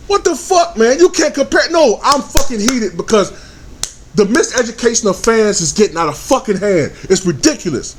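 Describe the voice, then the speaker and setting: A man in his thirties delivering a heated, profanity-laden rant as a vlogger, swinging from low grumbling to shouted outbursts. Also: expressive, normal speed, slightly rough. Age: 30s. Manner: angry, swearing, shouting bursts. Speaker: sports vlogger.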